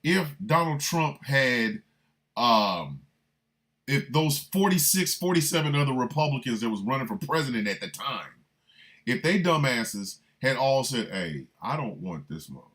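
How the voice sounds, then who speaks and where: A man hosting a livestreamed radio talk show, riffing in a loose comic way and shouting out listeners by city. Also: mid-range voice, expressive, a little slow. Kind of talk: livestreamed political comedy talk.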